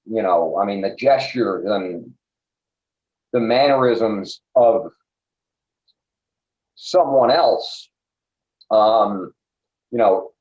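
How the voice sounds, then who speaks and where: A man's voice: lowish voice, extremely slow, long pauses, a little mellow. A man hosting an interview, asking questions hesitantly with many fillers. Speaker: interviewer, host. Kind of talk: conversational interview. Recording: roomy, dull lo-fi audio.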